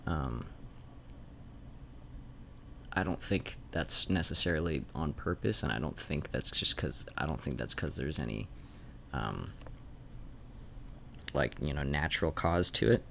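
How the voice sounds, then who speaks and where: Very deep gravelly man thinking aloud. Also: lively intonation, a little slow, pauses often, bright, forceful tone, slight background noise. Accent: faint Canadian-like North Idaho. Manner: thinks aloud, trails off and restarts. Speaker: streamer. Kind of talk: rambling drawing stream. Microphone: desk mic.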